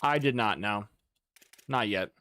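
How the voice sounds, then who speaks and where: A young man giving casual, excitable gameplay commentary, swearing and breaking into loud outbursts. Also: lowish voice, a little slow, dry recording. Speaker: gaming YouTuber.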